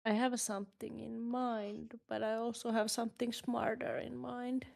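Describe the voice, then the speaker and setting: Gravelly lady at the game table, kinda high, mulling her move out loud. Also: level tone, moderate pace. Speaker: player. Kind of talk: casual game table chat.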